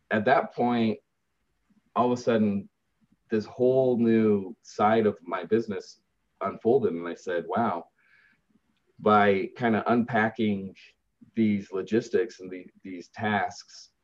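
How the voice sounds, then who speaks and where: A man's voice: on the low side, unhurried. A man who runs a business helping grieving families, telling stories earnestly and lifting his voice when he quotes others. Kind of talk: storytelling in conversation. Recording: dull lo-fi sound.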